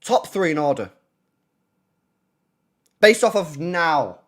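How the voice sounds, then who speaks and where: A man's voice: fairly high pitch, sing-song, slow pace. A man hosting a casual football livestream, blunt and profane, often repeating himself. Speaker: football channel host.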